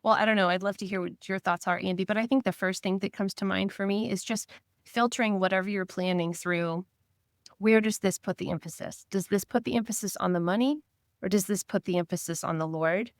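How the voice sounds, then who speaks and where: A woman's voice: medium pitch, fairly even intonation, a little fast, dry recording. Earnest woman on a dry-sounding podcast. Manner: earnest, clear questioning. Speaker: fundraising coach. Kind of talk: casual podcast discussion.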